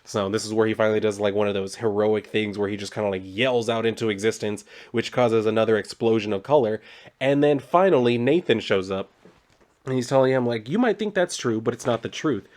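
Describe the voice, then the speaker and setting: A man's voice: fairly low pitch, fairly even intonation, a little fast, a little mellow. A man reviewing a comic book, retelling the plot in a loose, profane, casual way full of "like".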